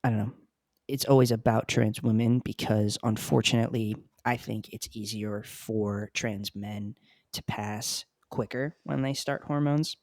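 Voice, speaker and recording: A man's voice: fairly low pitch, fairly even intonation, unhurried, a little mellow, dry recording, clean studio sound. A man hosting a casual podcast conversation, loose and outspoken, swearing freely and laughing often. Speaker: podcast host.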